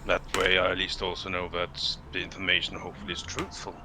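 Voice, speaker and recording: Male player, blunt and terse, gravelly low voice with a sharp edge. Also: monotone, a little fast, noisy background. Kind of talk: casual tabletop play.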